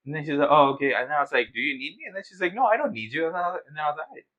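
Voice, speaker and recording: A man's voice: a little high, racing, lo-fi sound. A young man co-hosting a podcast, telling stories in casual chat, acting out quotes and swearing as he goes. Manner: animated storytelling, swears, acts out quotes. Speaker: podcast co-host.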